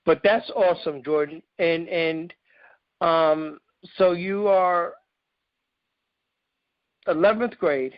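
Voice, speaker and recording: A man hosting a casual video-call interview, joking and teasing his young guests in relaxed slang. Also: fairly high pitch, slow pace, pauses often, dry recording, muffled recording. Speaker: interview host.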